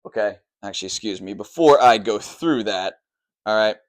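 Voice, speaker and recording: A man who works as a mortgage lender, explaining the loan process at a whiteboard in a quick, rambling way, always checking in with "okay" and "all right". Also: on the low side. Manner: says he talks fast and tries to slow down.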